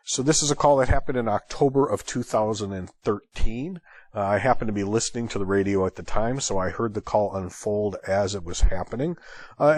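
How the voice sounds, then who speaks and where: A man's voice: on the low side, darkish tone, no echo. A man hosting an EMS training lecture, explaining a call in a conversational way. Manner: conversational, thinking aloud with fillers. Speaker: EMS instructor and host.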